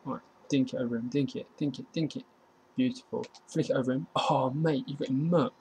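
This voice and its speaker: Excitable young man gaming. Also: medium pitch, fairly quick, a little hiss or hum, poor audio. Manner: excitable, slangy, talks to the game and his opponent. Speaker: gaming YouTuber. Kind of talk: casual gameplay commentary.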